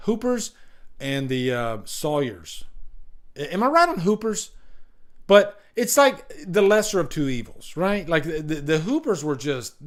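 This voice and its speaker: A man hosting a live stream, talking casually and rambling with enthusiasm and many restarts. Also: a little high. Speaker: host.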